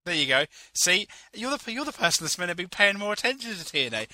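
A man's voice: high-pitched, sing-song, quick pace, sharp tone, dry recording. A young man co-hosting a podcast in casual, rambling chat, laughing often. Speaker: podcast co-host.

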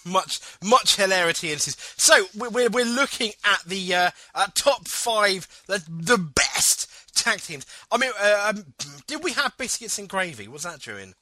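A man co-hosting a casual podcast, with a high, sharply bright voice that leaps wildly in pitch. He laughs easily and circles back over his own words, recorded dry and close. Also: normal speed, hardly any pauses, no echo. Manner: animated, laughs often, trails off and repeats words. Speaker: podcast co-host. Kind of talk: casual chat.

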